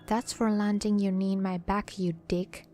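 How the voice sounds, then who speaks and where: A man's voice: sits high, level tone, normal speed, darkish tone, soft background music, natural voice. A woman voicing an irritated young male soldier who swears at a comrade in a scary story. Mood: annoyed. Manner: gruff, swearing.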